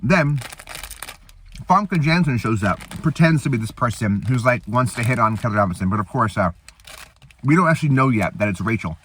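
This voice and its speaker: A man's voice: mid-range voice, expressive, a little fast, a bit bright, a little hiss or hum. A man hosting a casual show, recapping a movie in a rambling way with fillers and swearing. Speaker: host.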